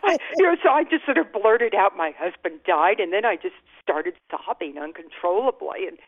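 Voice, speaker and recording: An older woman being interviewed, speaking candidly and reflectively, often with a soft laugh. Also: medium pitch, lively intonation, normal speed. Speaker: guest author. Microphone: telephone. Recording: tinny phone line.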